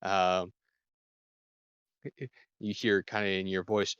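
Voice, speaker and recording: A man's voice: low-pitched, moderate pace, dry recording, highs cut off. A man running a tabletop game as game master, hesitant and filling with "kinda" and "uh".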